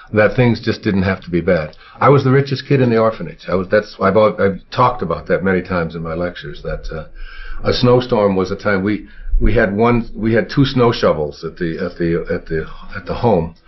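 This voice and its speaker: Older guy from michigan telling old stories, deep, lots of uhs and restarts, muffled lo-fi recording. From Michigan, USA. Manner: halting, many fillers and restarts. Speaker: interviewee, self-help author. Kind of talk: reflective storytelling. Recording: dull lo-fi interview recording.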